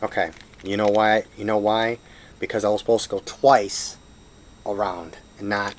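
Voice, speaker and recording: A man's voice: lowish voice, little pitch movement, normal speed, a little hiss or hum. A man casually walking through a puzzle tutorial at home, self-deprecating and apologetic as he fumbles, recorded on a camera mic. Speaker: hobbyist showing a puzzle solve.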